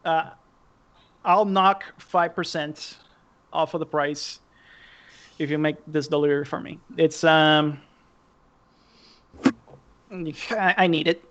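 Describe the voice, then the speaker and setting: A man's voice: fairly high pitch, fairly even intonation, takes it slowly, long pauses, a bit bright, dull audio. A man voicing a harried male gang boss who pleads and frets. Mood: pleading. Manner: frantic, pleading.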